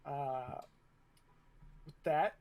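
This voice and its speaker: A young man runs a tabletop game as its game master. His voice sits fairly high, and he slips between plain narration and a drill instructor's barked lines. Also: drawn-out words, a little mellow.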